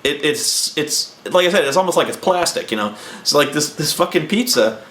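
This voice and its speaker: Animated man telling a rambling story. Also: fairly high pitch, normal speed, echoey room. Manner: rambling, animated, acting out quotes. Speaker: host. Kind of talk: casual anecdote telling.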